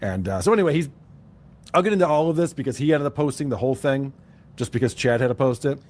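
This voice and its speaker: A man hosting a commentary channel, giving a wry, exasperated recap of online drama and reading out messages with hesitant pauses. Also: medium pitch, expressive, darkish tone.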